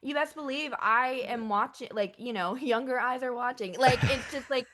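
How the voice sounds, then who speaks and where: A young woman talking as a guest musician in a casual interview, chatty and full of filler words, emotional and effusive. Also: normal speed. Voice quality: chatty, lots of filler likes. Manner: effusive and emotional, pitch jumps up when excited.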